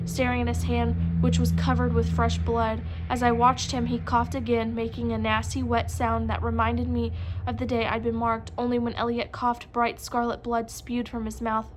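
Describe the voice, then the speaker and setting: A woman reading a first-person novel aloud in a casual, chatty tone. Her voice is fairly high and stays level, and faint hiss sits behind it. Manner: casual, conversational narration. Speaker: audiobook narrator. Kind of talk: first-person book narration.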